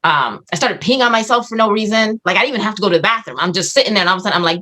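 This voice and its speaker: Woman, 40s, guest storyteller; lively pitch, mid register, blunt and profane, acts out her reactions. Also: rapid-fire, few pauses. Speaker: podcast guest. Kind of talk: candid storytelling.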